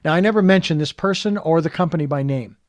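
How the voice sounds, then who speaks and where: A man hosting an interview, retelling a personal story in an animated, reflective way with many fillers. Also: on the high side, fast, dry recording, studio quality. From California. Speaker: podcast host.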